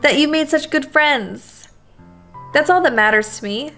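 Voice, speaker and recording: A woman doing a gentle, heartbroken schoolgirl from a visual novel, speaking softly and slowly in a raised, girlish pitch, with a slight gravel underneath and faint music behind. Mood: sad. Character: sweet, fragile teenage schoolgirl, heartbroken. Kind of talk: reading a visual novel aloud.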